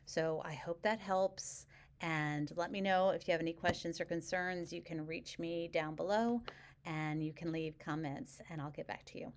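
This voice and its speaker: A middle-aged woman talks straight to camera as a couples coach, calm and even in her delivery. Her voice sits a little low, and she slips into short example lines to show how a partner might sound. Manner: calm, measured, explains with acted example phrases. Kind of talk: direct-to-camera advice video.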